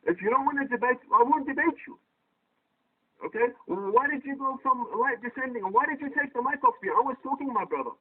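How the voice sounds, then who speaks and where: A man's voice: very high voice, lively intonation, fairly quick, breathy edge. A man in a heated online debate, pressing his opponent with repeated, insistent questions. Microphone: poor quality microphone. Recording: tinny phone-like voice chat line.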